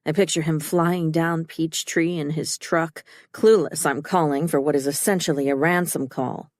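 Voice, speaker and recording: A woman's voice: deep voice, fairly even intonation, moderate pace, a little mellow, dry recording, studio quality. A woman reading a first-person psychological thriller audiobook in a tense, urgent manner. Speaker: audiobook narrator. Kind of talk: scripted first-person narration.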